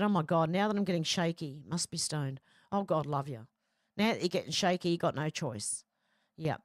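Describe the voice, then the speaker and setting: A woman's voice: lowish voice, no echo, clean studio sound. A middle-aged woman, hosting a casual livestream and reading viewer comments aloud in a chatty way. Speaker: livestream host reading chat. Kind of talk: casual chat.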